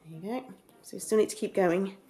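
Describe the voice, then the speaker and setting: A woman's voice: mid-range voice, fairly quick, mellow, soft background music. A woman hosting a home cooking lesson, explaining each step in a chatty, encouraging way. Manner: encouraging, chatty, gets out of breath while kneading. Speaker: cooking show host.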